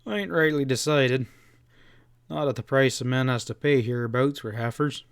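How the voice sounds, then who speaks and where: A man's voice: mid-range voice, moderate pace, vocal fry, smooth, no echo, studio quality, close to an everyday voice. A man voicing a folksy, meek middle-aged rancher in a western audiobook, talking in plain cowboy speech. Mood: easygoing. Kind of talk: audiobook character voice.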